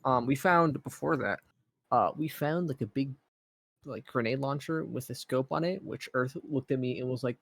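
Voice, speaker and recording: Male player, gravelly, recaps the session in a loose, chatty ramble. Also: medium pitch, normal speed, no room sound. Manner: rambling recap with fillers, acting out characters' lines. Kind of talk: casual chat.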